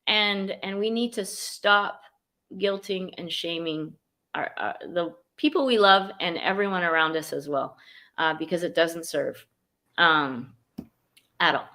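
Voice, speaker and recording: A woman's voice: on the low side, a little slow, sharp tone. A woman, a life coach and guest, speaking frankly and emphatically over a video call. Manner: frank, emphatic, says "run" as advice. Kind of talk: casual video-call chat.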